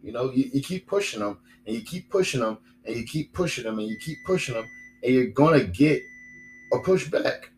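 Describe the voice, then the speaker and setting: A man's voice: medium pitch, animated, fairly quick, a little hiss or hum, low-quality recording. A young man hosting a solo podcast, rambling and repeating himself with lots of fillers. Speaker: podcast host.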